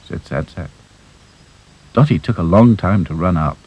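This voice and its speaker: A man narrating a children's story in a gentle, unhurried way. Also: sits low, husky, no room sound, low-quality recording.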